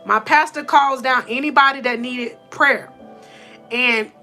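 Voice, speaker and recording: Bright, high-voiced woman preaching to viewers. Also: a little slow, soft background music. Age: adult with four sons. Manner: testimony storytelling, addresses viewers as y'all; emotional, laughs and tears up. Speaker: motivational livestream host. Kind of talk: faith-based motivational talk.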